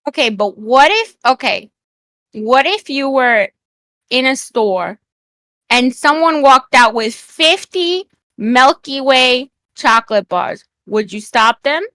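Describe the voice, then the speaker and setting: A woman chatting playfully on a stream, excitable and teasing, firing off quick questions. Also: sits high, no room sound. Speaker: guest streamer.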